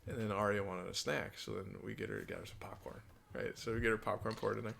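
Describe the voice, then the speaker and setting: A man co-hosting a casual podcast, telling animated stories and swearing casually. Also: on the low side, fast talker, vocal fry, noisy background. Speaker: podcast co-host.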